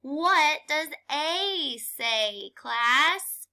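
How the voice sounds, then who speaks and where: A woman teaching young children a calendar lesson, leading counting and spelling drills in a clear, sing-song, encouraging way. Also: high-pitched, expressive, drawn-out words, sharp tone. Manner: encouraging, playful. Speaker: kindergarten teacher.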